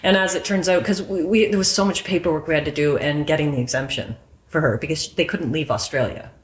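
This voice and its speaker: A woman guest telling a story in casual chat, animated and laughing, acting out the voices of others. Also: low-pitched, fast. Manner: animated, laughing, acts out quoted talk. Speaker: interview guest. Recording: echoey room.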